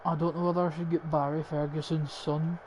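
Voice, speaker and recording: A young Scottish man casually talking through a football game, thinking aloud and swearing as he goes. His voice sits a bit high yet sounds mellow, with a flat, even delivery. A faint hiss sits under the recording. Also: brisk, low-quality recording. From Scotland. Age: young adult. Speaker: gaming YouTuber. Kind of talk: casual gameplay commentary.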